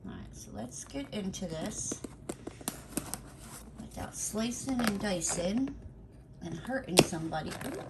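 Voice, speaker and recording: A woman's voice: mid-range voice, lively intonation, a little slow, long pauses, heavy background noise. A middle-aged woman chatting casually at home as she opens mail for her craft vlog, teasing and exclaiming often. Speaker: craft vlogger. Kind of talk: casual chat while opening mail.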